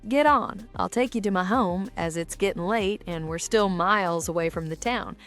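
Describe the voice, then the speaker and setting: A woman's voice: medium pitch, normal speed, fairly bright tone, soft background music, close to an everyday voice. A woman voicing a friendly, folksy male farmer in a storybook joke. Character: rural male farmer, friendly then suspicious.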